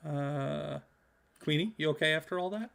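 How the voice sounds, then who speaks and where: A man co-hosting a casual podcast about games, with a bright, forward voice. He rambles and fills gaps with um and uh. His pitch sits a little high for a man. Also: normal speed, vocal fry. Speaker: podcast co-host.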